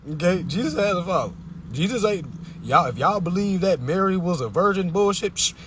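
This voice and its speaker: A young man hosts a live stream with a confrontational, preachy rant full of profanity. His voice sits a little high for a man and swings widely as he presses his points. Faint vehicle noise hums behind him. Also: expressive, a little fast.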